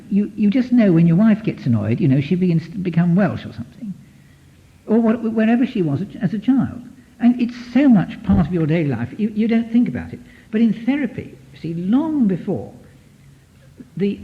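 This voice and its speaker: Lively lecturing man on dull old tape. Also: high voice. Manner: lively, digressive, many restarts, taps out rhythms. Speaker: psychotherapist giving a lecture. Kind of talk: lecture to an audience.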